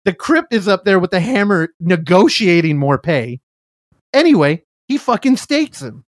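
A man's voice: high voice, normal speed, dry recording, clean studio sound. A man co-hosting a podcast, retelling a film scene in casual chat, acting out the quotes and swearing freely. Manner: animated storyteller, acts out quotes, swears freely. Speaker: podcast co-host.

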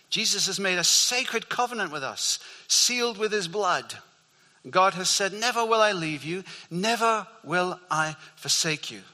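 Older male pastor, earnest sermon delivery, lightly raised pitch, hall reverb. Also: sharp tone. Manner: earnest, repeats key phrases for emphasis. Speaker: preacher.

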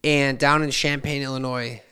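A man in his forties spins a rambling family anecdote on a podcast. His voice is smooth and resonant and sits at an ordinary pitch. He doubles back, restarts, and acts out the other people in the story. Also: moderate pace. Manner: animated, meandering anecdotes with many restarts and asides; loudly acts out family members' lines in shifting voices. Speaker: podcast co-host. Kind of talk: casual chat, rambling storytelling.

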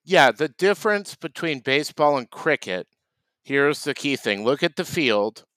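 A man improvising a comedy sketch as a food vendor, deadpan. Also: on the high side, unhurried, dry recording. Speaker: comedy podcast host.

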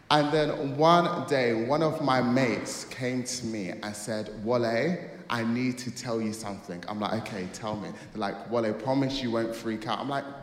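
A man preaching a sermon, telling stories and acting out dialogue with dramatic bursts. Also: mid-range voice. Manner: storytelling, acts out dialogue, dramatic outbursts. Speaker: pastor. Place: church hall. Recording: echoey hall with long reverb.

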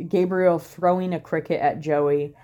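A woman's voice: deep voice, fairly even intonation, unhurried, mellow. A woman co-hosting a casual chat about a reality show, talking freely and laughing often. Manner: chatty, quotes people in playful put-on voices, laughs often. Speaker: podcast co-host.

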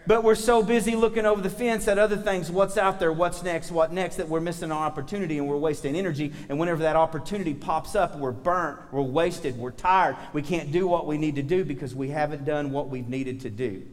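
A man's voice: fairly high pitch, brisk, few pauses, long reverb tail. A man preaching a sermon as pastor, talking casually with the congregation and asking them for amens.

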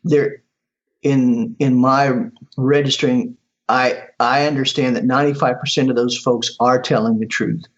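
Earnest halting man, lo-fi audio. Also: mid-range voice, steady tone. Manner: earnest and halting, with frequent restarts. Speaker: medium, interview guest. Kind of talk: casual conversational interview. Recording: dull lo-fi audio.

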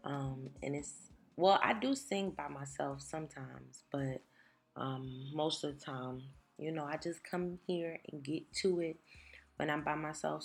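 A woman in her thirties hosting a solo podcast in casual chat, her voice rough from just waking up, talking in a rambling way with lots of fillers. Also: deep voice, fairly even intonation, unhurried. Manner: chatty, rambling with many fillers. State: raspy morning voice, just woken up. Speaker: podcast host.

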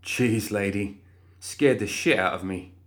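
A man voicing a nervous, gruff male guild guard, blunt and jumpy in a storybook reading. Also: fairly low pitch, measured pace, fairly bright tone. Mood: alarmed.

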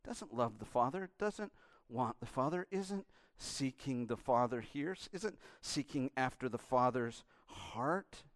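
A male pastor preaching a sermon with passion, swinging between hushed and loud passages. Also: mid-range voice, expressive, a little slow, no room sound, studio quality.

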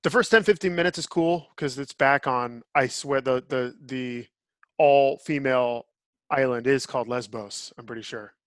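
A man's voice: mid-range voice, moderate pace, a bit bright, no room sound, studio quality. A man hosting a podcast, giving blunt, opinionated reviews in casual chat. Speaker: podcast host.

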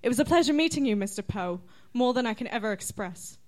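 A woman voicing a polite, gentle male warlock lover in a comic fan-fiction reading. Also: a little high, animated, fast talker, lightly acted. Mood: tender.

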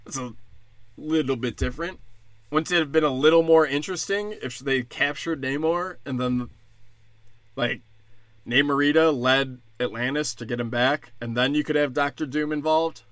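Man, podcast host, sarcastic profane rant, bright voice, dry close sound. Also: on the high side, normal speed, no room sound. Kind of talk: casual comedic rant.

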